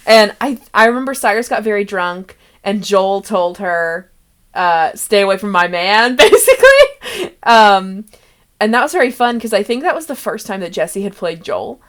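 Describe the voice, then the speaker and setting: A woman's voice: medium pitch, big pitch swings, measured pace. A young woman hosting and running a tabletop game, chatting casually with a player, rambling and laughing often between thoughts. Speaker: game master and host. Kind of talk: casual chat about a tabletop campaign.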